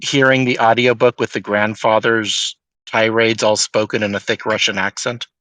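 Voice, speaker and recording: A man's voice: on the low side, little pitch movement, moderate pace, pushed and bright, no echo, rough recording. A man co-hosting a casual book podcast, playful and joking. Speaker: podcast co-host.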